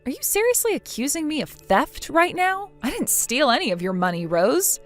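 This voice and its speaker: A woman's voice: sits high, very animated, moderate pace, faint music behind, voice pushed up. A synthetic woman's voice playing a defiant young daughter-in-law in a text-chat story, sarcastic and dismissive.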